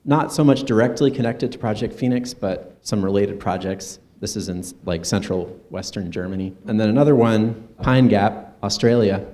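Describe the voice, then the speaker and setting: A man speaking earnestly at a conference, in a conversational presentation with soft asides. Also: lowish voice, normal speed, few pauses. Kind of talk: personal stage presentation. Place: conference stage.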